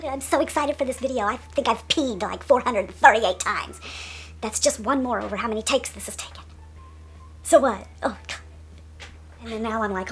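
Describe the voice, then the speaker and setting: A woman's voice: fairly high pitch, expressive, normal speed, pauses often, a bit bright. A middle-aged woman beauty vlogger joking around, teasing and mock-dramatic. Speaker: beauty YouTuber. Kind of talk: playful vlog blooper chatter.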